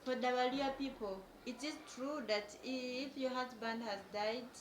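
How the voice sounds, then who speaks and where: A young woman, earnestly telling a personal story to her viewers in halting phrases. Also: high-pitched, steady tone. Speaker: vlogger. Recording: echoey room with background noise.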